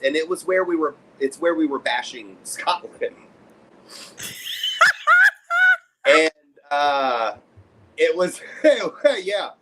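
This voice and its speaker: A man in his forties talks as a podcast guest, his pitch swinging up and down as he tells stories. He laughs his way through his tales in a loose, casual chat. A faint hiss of noise sits under his voice. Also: slow pace, pauses often, rough recording. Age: 40s. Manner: laughing, animated storyteller.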